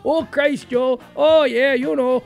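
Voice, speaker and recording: A woman's voice: high voice, fairly even intonation, slow pace, vocal fry, darkish tone, heavily acted. A woman voicing an easygoing male hockey player with a mock Canadian accent, drawling and joshing. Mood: hearty.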